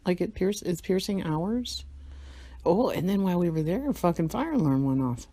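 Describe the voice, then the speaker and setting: A woman's voice: lowish voice, lively intonation, moderate pace, warm tone, no room sound. A tired woman in a casual vlog monologue, rambling, swearing a lot and laughing often. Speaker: vlogger.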